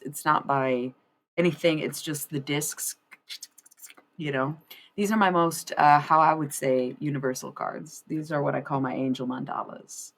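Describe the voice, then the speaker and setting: A woman's voice: low-pitched, gravelly. A young woman streamer chatting casually to her viewers while laying out a tarot spread, rambling, laughing often and swearing freely. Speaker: streamer doing tarot readings. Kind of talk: casual live-stream chat.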